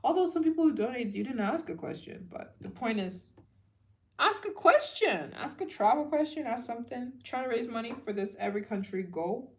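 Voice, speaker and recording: A tired young woman hosts a late-night livestream, talking loosely to her viewers. Her speech wanders with fillers and restarts, often sinking to a low, sleepy murmur before she perks up again. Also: fairly quick, hardly any pauses, warm tone. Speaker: travel vlogger hosting a fundraiser livestream.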